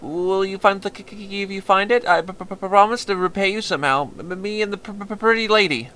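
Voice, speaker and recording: A man's voice: high-pitched, pushed and bright, slight background noise, pitched above the performer's own voice. Man playing a stammering timid violinist. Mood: nervous. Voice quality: stuttering, halting, pleading. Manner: meek and apologetic, keeps saying sir. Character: timid stuttering young male violinist, lovesick and pleading.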